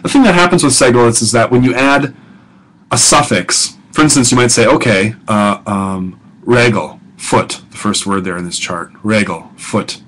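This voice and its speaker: A man teaching a biblical Hebrew grammar lesson in a relaxed, conversational way, asking rhetorical questions and often filling pauses with "um" and "okay.". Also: medium pitch, low-quality recording. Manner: conversational, asks rhetorical questions, frequent ums and okays, chuckles. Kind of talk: recorded lecture audio guide.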